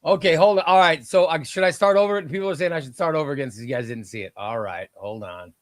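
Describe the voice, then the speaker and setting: A slightly high-pitched man talks at a quick pace, with no room sound in the recording. He's hosting an easygoing comic book livestream, chatting with viewers and naming those eliminated from a giveaway wheel, exclaiming each time.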